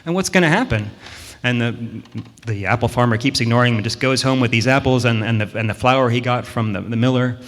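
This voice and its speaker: A man telling a children's story at church in a relaxed, lightly rambling way. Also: medium pitch, fast talker. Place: church sanctuary. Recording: long hall reverb.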